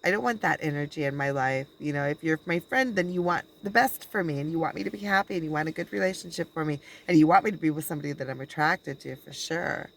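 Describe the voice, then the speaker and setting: Rambling low-voiced woman talking to camera. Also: gravelly, poor audio. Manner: rambling, halting, with many restarts and quoted dialogue. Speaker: spiritual channeler and video blogger. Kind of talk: casual personal monologue.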